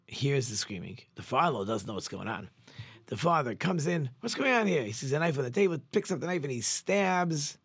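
Male rabbi, husky voice, dry close sound, animated sermon storyteller. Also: medium pitch, no echo. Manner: animated storyteller acting out characters' lines.

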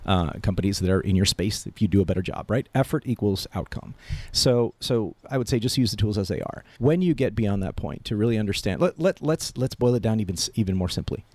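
A man speaking as a guest expert on a podcast, explaining quickly and animatedly, often tagging on "right?". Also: on the low side, no echo. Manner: fast, animated explaining with frequent "right?" tags. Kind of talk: casual podcast talk.

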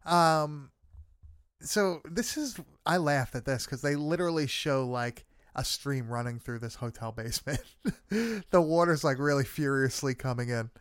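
Guy rambling through a movie plot, cusses a lot, smooth clear voice, dry close mic. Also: medium pitch, lively intonation, unhurried, no echo. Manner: swears freely, laughs often, rambling recap. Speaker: podcast co-host recapping a film. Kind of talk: casual chat.

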